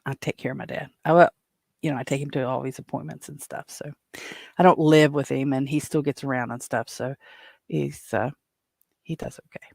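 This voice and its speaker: A woman's voice: rumbling low, fairly even intonation, fairly quick, gravelly, darkish tone, slightly rough, no room sound, studio quality. A tired woman hosting her own podcast, rambling and chatty, with many restarts and fillers, into a home microphone. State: tired, yawning. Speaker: podcast host. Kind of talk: casual solo podcast.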